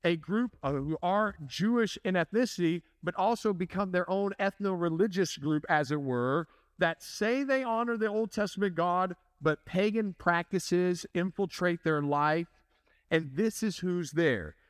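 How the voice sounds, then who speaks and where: Measured and smooth, a high-pitched male pastor preaches in a chatty way, quizzing the congregation and slipping in jokes. It's a dry, studio-quality recording.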